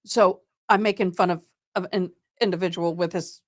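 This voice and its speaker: A woman with a lowish, steady voice and a Tennessee accent offers casual live commentary on a trial, naming and thanking viewers between updates. She talks at a normal pace, and the studio audio is clean with no echo.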